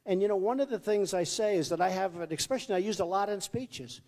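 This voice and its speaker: A presidential candidate gives a rambling, boastful rally speech in a school hall, repeating himself and acting out the voices of people he quotes. His high voice is fairly quick with a darkish tone, and long hall reverb trails his words.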